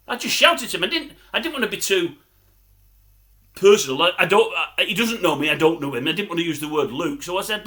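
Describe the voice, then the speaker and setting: An older man rambles through a grumbling story to camera. His voice sits fairly high and swings widely in pitch. The tone is sharp and piercing. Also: very animated, fast. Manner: grumbling, chatty storytelling with repeated phrases. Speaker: vlogger.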